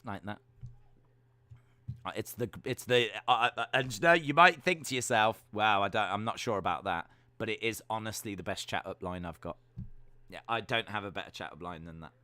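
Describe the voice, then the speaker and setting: A British man hosting a live stream, reading viewer comments aloud and answering them with teasing, deadpan jokes. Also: fairly low pitch, moderate pace, no echo. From United Kingdom. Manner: jokey, teasing, deadpan banter.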